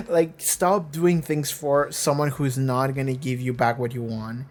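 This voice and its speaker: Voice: mid-range voice, a little fast, few pauses. Rambling, profane TV reaction host. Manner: rambling, profane, animated, laughs often. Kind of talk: casual TV episode reaction commentary.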